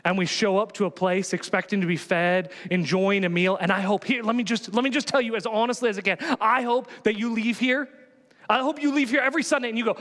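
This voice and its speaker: A man's voice: very high-pitched, brisk, a bit bright, long reverb tail. A man preaching a sermon as pastor, telling a story with lots of energy and acting out both sides of the conversation.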